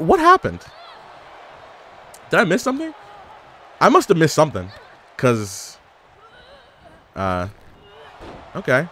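A young man giving casual, animated gameplay commentary as a gaming YouTuber, trash-talking and exclaiming. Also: high voice. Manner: animated trash talk, frequent laughs and exclamations.

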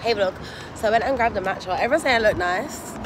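A woman's voice: mid-range voice, quick pace, background noise. A young woman chatting casually in a vlog, rambling and asking "do you know what I mean". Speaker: vlogger. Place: out and about, car, gym, home.

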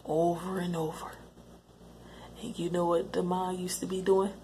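Recalling her brother, a woman offers moving personal testimony, reflective and repeating phrases to stress them. Her fairly low voice moves little in pitch, her delivery is unhurried, and the background is noisy.

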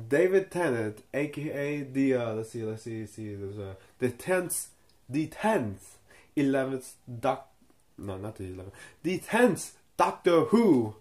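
Halting young man rambling about a show. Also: medium pitch, darkish tone. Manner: halting, many fillers and restarts. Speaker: video reviewer. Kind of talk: casual unscripted commentary.

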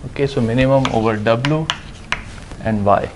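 A man giving a university lecture, explaining step by step with frequent "uh" and "okay" pauses. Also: mid-range voice, background noise. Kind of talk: classroom lecture on game theory.

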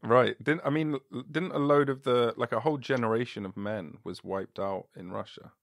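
A man's voice: medium pitch, normal speed, gravelly, dry recording, clean studio sound. A man hosting a podcast in casual chat, rambling and joking as he searches for words. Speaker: podcast host.

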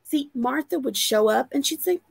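A woman hosts a chatty vlog, gushing and laughing as she talks. Her voice sits high and swoops up and down all the time. The sound is dry and close. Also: normal speed, creaky, breathy edge, no echo. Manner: excitable, gushing, laughs often. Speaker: vlog host. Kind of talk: casual chat on a live vlog.

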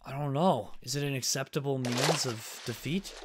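A young man giving excited gaming commentary, yelping and shouting whenever danger hits. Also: medium pitch, moderate pace. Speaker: gaming YouTuber.

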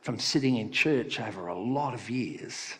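Husky male pastor in a reverberant hall. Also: mid-range voice, lively intonation, measured pace. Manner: conversational storytelling with playful joke-telling. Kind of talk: sermon. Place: church hall. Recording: long reverb of a church hall.

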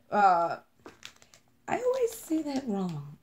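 A woman's voice: mid-range voice, huge pitch swings, very slow, long pauses. A chatty woman with a New York accent, rambling and gushing as she unboxes and sniffs scented wax in a casual vlog. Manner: bubbly, rambling, self-described kooky; gushing over scents and colors. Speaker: vlogger unboxing wax melts.

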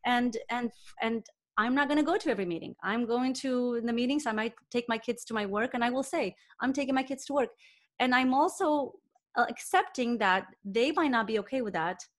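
A middle-aged woman, a cardiologist guest, talking in a casual interview with enthusiasm and lively self-quotes. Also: fairly high pitch, brisk. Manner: enthusiastic, animated, quotes herself in lively voices.

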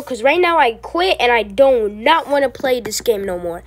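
Female gamer, mid-pitched voice, casual running commentary, easily frustrated, rambling. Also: expressive, normal speed, few pauses, slight background noise. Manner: chatty, easily frustrated, rambling asides to viewers. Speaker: gaming video creator.

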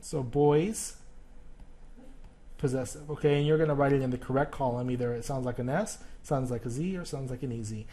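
A male teacher talks through a recorded grammar lesson in a warm, mellow voice. He speaks haltingly, restarting sentences and filling pauses with "um" and "uh" as he explains. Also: mid-range voice. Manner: halting, with many fillers and restarts.

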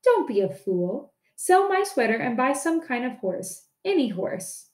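A woman's voice: sits high, big pitch swings, unhurried, a little mellow, reverberant. A woman reading as a scolding farmer's wife. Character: sharp-tongued poor farmer's wife, scornful and blunt.

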